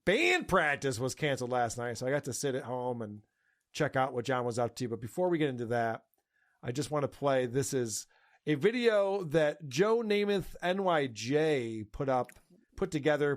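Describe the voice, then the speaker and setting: A man's voice: mid-range voice, normal speed. A man hosting a podcast, casually mocking clips he plays and laughing often. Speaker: podcast host.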